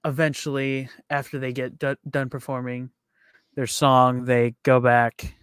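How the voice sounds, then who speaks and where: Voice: mid-range voice, flat delivery, smooth, dry recording, clean studio sound. A podcast co-host casually retelling a movie's plot scene by scene, laughing along the way. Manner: retells scenes with quick acted quotes, laughs often. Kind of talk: casual movie recap chat.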